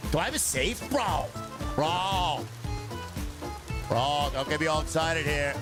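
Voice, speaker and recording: A man's voice: fairly high pitch, lively intonation, slow, music in the background. A man streaming a game, joking and chatting with his viewers and groaning at long dialogue. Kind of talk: casual live gaming commentary.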